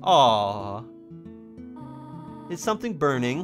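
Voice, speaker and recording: Chatty young man with lively pitch. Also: normal speed, music in the background. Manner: chatty, rambling, playful reactions. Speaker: let's play host. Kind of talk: casual let's play commentary.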